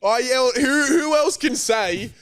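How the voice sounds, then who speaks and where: A man's voice: very high-pitched, slow pace, fairly bright tone, no room sound, clean studio sound. A young Australian man in casual podcast banter, teasing and swearing a lot. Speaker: co-host.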